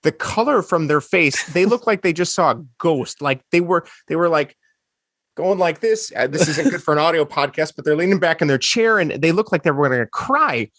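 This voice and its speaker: A man, co-hosting a sports podcast, telling a story with animated energy and acting out quotes. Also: a little high, moderate pace, dry recording, clean studio sound. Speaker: podcast co-host. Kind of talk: casual sports chat.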